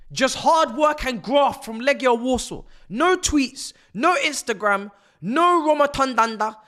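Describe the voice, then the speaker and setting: A young man commentating live over a match as a fan, his voice sitting high for a man and swinging widely in pitch. He rants in exasperation and mocks what he sees. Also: fairly bright tone. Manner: exasperated ranting, mocking, often laughing. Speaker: football fan streamer.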